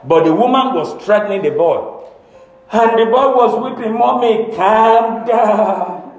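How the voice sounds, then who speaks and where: A man's voice: high-pitched, lively intonation, moderate pace, highs cut off. A man preaching a sermon, emphatic and dramatic, repeating his key phrases. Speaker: pastor. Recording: echoey hall with faint music.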